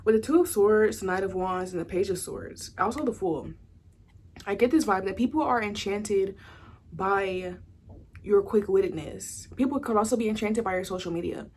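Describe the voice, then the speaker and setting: A woman's voice: medium pitch, moderate pace, darkish tone, slight background noise. A young woman from the States, giving a casual pick-a-card tarot reading in a chatty, rambling way full of "like" and "you know". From Southern United States. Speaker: tarot reader.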